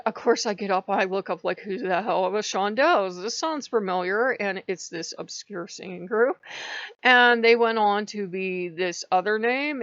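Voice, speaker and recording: A woman's voice: mid-range voice, a bit bright, no echo. A woman vlogger casually telling a rambling story, acting out remembered conversations in quotes. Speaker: spiritual vlogger. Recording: dull lo-fi dry sound.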